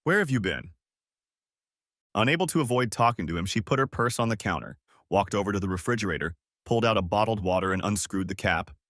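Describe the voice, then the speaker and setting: A man narrating an audiobook story in an expressive storytelling read. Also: fairly low pitch, fast talker, dry recording, studio quality. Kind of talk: scripted narration.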